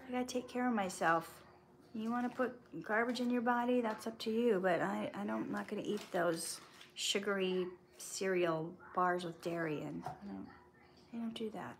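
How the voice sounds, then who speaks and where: An actress hosting a casual live stream, reading viewer questions aloud and answering in a chatty, candid way. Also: female voice, medium pitch, moderate pace, gravelly, slight background noise.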